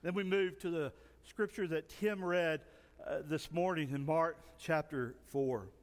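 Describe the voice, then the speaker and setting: A man with a high voice preaches in a big church whose sound rings on with long reverb. He tells his stories vividly and acts out the people in them, pausing in short phrases for an interpreter. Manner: storytelling, acts out dialogue. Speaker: pastor. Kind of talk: sermon with an interpreter. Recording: long reverb in a large hall.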